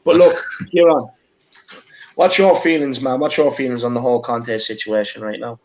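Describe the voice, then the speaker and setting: A man with an Irish accent hosting a casual fan live stream, upbeat and shouting out viewers. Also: mid-range voice, fairly even intonation, normal speed. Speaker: stream host. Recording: dull lo-fi stream audio.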